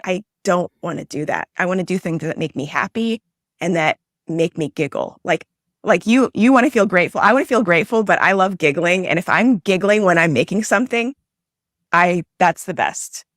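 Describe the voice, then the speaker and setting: A woman comedian talks about writing jokes in an earnest way, with giggles and repeated words. Her voice is on the low side. The recording is dry. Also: expressive, normal speed, fairly bright tone, dry recording. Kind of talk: casual interview talk.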